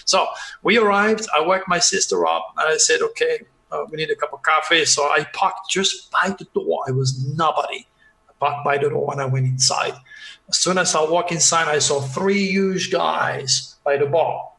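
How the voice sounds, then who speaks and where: A man recounting a strange personal story with dramatic flair, voicing the people in it. His voice is bright and slightly high, and it rings out in an echoey room. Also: normal speed, gravelly. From France. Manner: dramatic, acts out dialogue, restarts often. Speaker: podcast guest. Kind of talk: animated storytelling.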